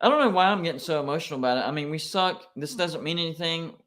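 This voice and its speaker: Excitable man reacting to live football. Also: a little high, fast. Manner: excitable, emotional fan reactions and complaining. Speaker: streamer watching live football.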